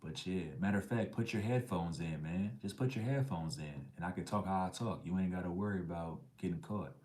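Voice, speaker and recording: Deep-voiced man chatting on a livestream. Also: brisk, darkish tone. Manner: laid-back slangy banter, often whispering asides. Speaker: livestream host reading chat. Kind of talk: casual livestream chat.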